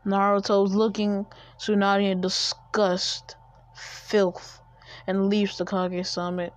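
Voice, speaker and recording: Slow rambling woman telling a story. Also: medium pitch, level tone. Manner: rambling, with restarts and self-corrections. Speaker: fan fiction storyteller. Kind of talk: casual improvised storytelling. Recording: dull lo-fi recording.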